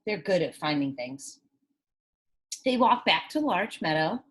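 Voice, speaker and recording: A woman's voice: lowish voice, unhurried, breathy edge. A woman teacher reading a picture book aloud to children, stopping to ask them questions. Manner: animated, asks children questions.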